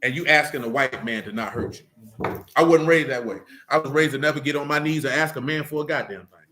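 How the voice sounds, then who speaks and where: A man's voice: fairly high pitch, a little fast, sharp tone. A man talking in a casual, preaching way, emphatic and fond of rhetorical questions. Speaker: religious discussion leader. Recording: echoey room.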